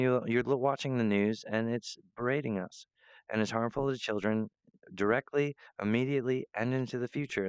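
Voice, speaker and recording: A man's voice: on the low side, vocal fry, no echo, dull audio. A man rambling in a monologue to camera, meandering, restarting often and breaking off to apologize. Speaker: vlogger.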